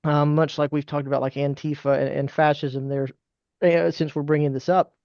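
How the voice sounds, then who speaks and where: A man from the American South talks things through in a thoughtful, halting way, leaning on fillers as he goes. His voice sits a little high and has a gravelly edge. The sound is dull and lo-fi, and the room sounds dry. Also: flat delivery, a little mellow, no echo. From Southern United States. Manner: thoughtful, hesitant, many fillers. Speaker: resident historian guest. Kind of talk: casual podcast discussion.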